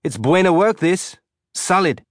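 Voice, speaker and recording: A man doing a loud hearty foreman. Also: high-pitched, expressive, measured pace, dry recording, studio quality, pitched above the performer's own voice.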